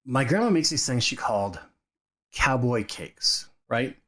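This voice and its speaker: A man co-hosting a podcast, telling childhood stories in a casual, animated way and acting out the quotes. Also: medium pitch, a little slow. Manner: animated storyteller, acts out quotes. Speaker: podcast co-host. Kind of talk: casual chat, storytelling. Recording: studio recording of modest quality.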